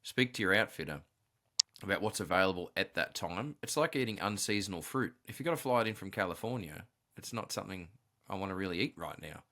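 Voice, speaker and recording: Low-voiced easygoing host. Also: male voice, animated, fast talker, pushed and bright. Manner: easygoing, anecdotal. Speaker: podcast host. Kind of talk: casual conversation.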